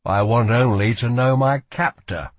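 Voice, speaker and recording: A man's voice: mid-range voice, a little slow, no room sound, lightly acted. A man voicing a young male magician in an audiobook, matter-of-fact and urgent. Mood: earnest. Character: bound young male magician, earnest and strained. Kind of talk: audiobook character voice.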